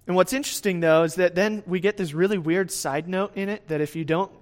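A male preacher teaches through a scripture passage in an easy, conversational sermon. His voice sits a touch higher than most men's. He leans into phrases with bursts of energy, then drops back down, and keeps checking in with his listeners. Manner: conversational, often asks "right?" to the listeners; lively swings in loudness, speeds up and slows down.

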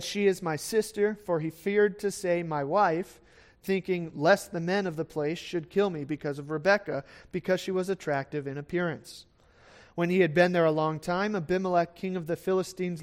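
A man with a high voice gives an expository sermon, reading a scripture passage aloud and then unpacking it. He talks in a relaxed, conversational way, with fillers and quick acted asides for the people in the story. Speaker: pastor.

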